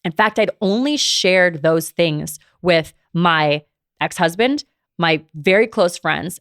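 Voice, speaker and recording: A woman's voice: lowish voice, no room sound, studio quality. A woman in her thirties, a podcast host, telling a personal story in a confessional way, filling her speech with "like". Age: 30s. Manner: confessional, heavy use of "like".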